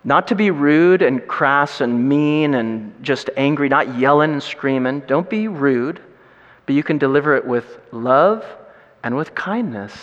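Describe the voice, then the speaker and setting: A man's voice: a little slow, lo-fi sound. A man preaching a sermon to a congregation, telling stories with big swings in his voice. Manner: animated storytelling with big pitch swings. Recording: reverberant hall.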